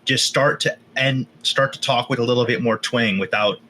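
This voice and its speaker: A man's voice: medium pitch, normal speed, sharp tone, a little hiss or hum. A man co-hosting a podcast, teasing and explaining in casual chat with many restarts. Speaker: podcast co-host.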